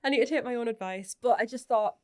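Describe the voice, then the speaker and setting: A woman's voice: a little high, fast, a little mellow. A woman, talking openly and chattily as a podcast guest, laughing often and swearing casually. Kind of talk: candid personal interview.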